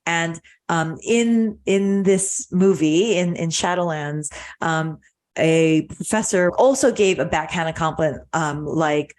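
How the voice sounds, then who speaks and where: A woman hosting a podcast, calmly explaining ideas in a reflective conversation. She often restarts and repeats words as she thinks aloud. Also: lowish voice, takes it slowly. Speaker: podcast host.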